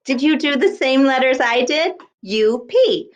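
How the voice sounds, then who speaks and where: A woman teaching a kindergarten class by video, speaking slowly in a sing-song way and sounding out words letter by letter. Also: high-pitched. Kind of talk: remote lesson for young children.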